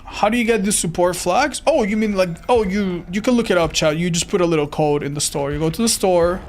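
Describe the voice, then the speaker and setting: Excitable high-voiced male streamer. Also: fairly quick. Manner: excitable, swears often, talks to chat. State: tired. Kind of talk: live gameplay commentary.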